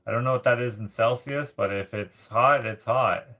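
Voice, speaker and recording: A man from Canada hosting a casual livestream, reading viewer comments aloud and rambling as he thinks out loud. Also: mid-range voice, normal speed. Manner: rambling, thinks out loud while searching things up. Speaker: livestream host.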